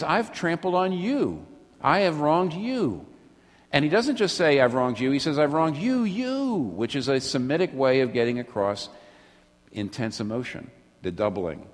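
A man preaching a sermon, earnest, often restarting phrases, swinging between rising intensity and quiet, low emphasis. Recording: long reverb of a hall.

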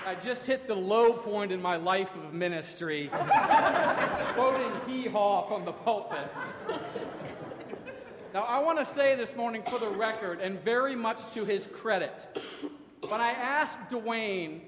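High-voiced, slow-talking pastor in an echoey church. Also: male voice, expressive, heavy background noise. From Ohio, USA. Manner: self-deprecating, wry storytelling with comic timing. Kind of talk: sermon. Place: church sanctuary. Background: congregation laughing.

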